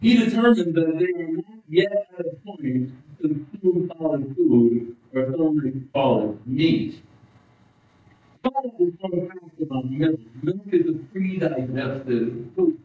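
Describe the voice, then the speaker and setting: A man's voice: on the high side, lively intonation. Preacher man echoing through a hall. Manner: storytelling, halting restarts, rising emphasis. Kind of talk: sermon. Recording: distant, roomy, muffled hall sound.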